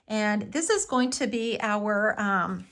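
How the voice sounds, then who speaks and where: A woman's voice: mid-range voice, lively intonation, slow, a bit bright, slight background noise. A woman hosting a live craft tutorial, talking through each step in a chatty, enthusiastic way with frequent fillers.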